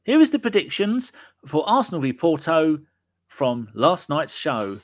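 A man's voice: on the high side, sing-song, a little slow. A man hosting a casual podcast and live chat. He talks in cheeky, sweary, jokey banter. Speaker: podcast host.

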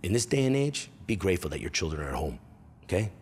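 A male comedian telling stories from his youth on stage, profane and animated. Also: low-pitched, slight background noise. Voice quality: profane, animated, quick shifts into character voices. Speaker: stand-up comedian. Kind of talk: stand-up storytelling. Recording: long echo of a hall.

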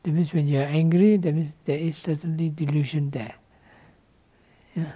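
Husky, mellow-voiced monk teaching. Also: male voice, a little high, steady tone, normal speed. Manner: loose, playful teaching with frequent tag questions like "no?" and small laughs; non-native English with dropped articles. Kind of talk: dharma talk to students.

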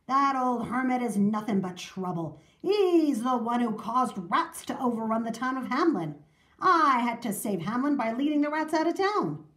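Grumpy storybook piper, curt and dismissive, lively swings in his voice, as a woman reads him. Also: fairly high pitch, moderate pace. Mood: scornful. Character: grumpy boastful male piper.

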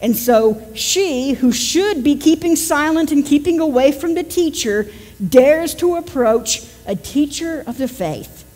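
A woman's voice: high voice, animated, unhurried, darkish tone, in a large hall. A woman pastor with a West Virginian accent, giving a conversational sermon and joking with her congregation. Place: church sanctuary.

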